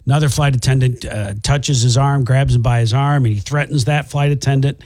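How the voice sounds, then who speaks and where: A male radio co-host retelling a news story in casual chat, animated and indignant. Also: mid-range voice, a little fast, no echo, studio quality.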